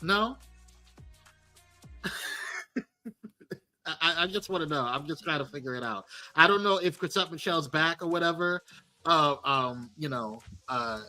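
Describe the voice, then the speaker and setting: Hosting a live show, this speaker banters playfully with the crew in a sassy, teasing manner, calling folks girl and baby and laughing and restarting often. The mid-range, sharp voice has lively intonation, a moderate pace, and frequent pauses, with faint music behind.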